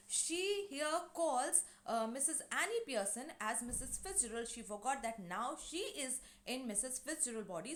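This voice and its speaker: A woman's voice: high-pitched, a bit bright. Indian woman teacher, filler-heavy retelling. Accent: Indian English. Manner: retells scenes with many fillers and brief acted quotes. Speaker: English teacher. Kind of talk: explaining a play to a class.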